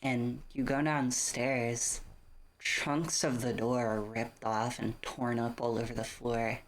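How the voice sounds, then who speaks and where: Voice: medium pitch, level tone, slow pace. A streamer running a tabletop horror game as game master, casually narrating the scene and swearing freely. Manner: casual, swears freely, stops to thank viewers.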